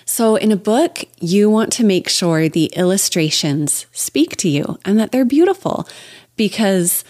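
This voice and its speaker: A woman's voice: mid-range voice, lively intonation, unhurried, darkish tone. A middle-aged woman speaking as a guest expert on a podcast, enthusiastic and opinionated in casual conversation, laughing often. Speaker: guest children's book expert.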